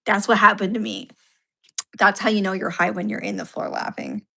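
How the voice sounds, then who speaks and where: A young woman talks fast and freely, jumping into anecdotes and acting out what friends said. Her pitch sits in the middle of the usual range. It comes through a video call. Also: gravelly. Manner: chatty, animated, quotes others in little voices. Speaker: co-host. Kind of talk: casual chat over a video call.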